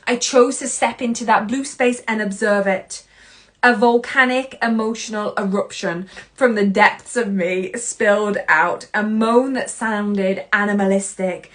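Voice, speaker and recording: Earnest, expressive woman podcast host. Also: medium pitch, measured pace. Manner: earnest, heartfelt and expressive, with swings between loud and hushed. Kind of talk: solo podcast monologue.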